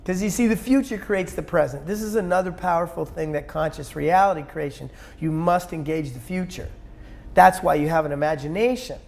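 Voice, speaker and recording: A man with a notably high voice tells a personal story as a guest in a conversation. He rushes through it intensely and breaks into sudden loud outbursts. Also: vocal fry. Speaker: interview guest.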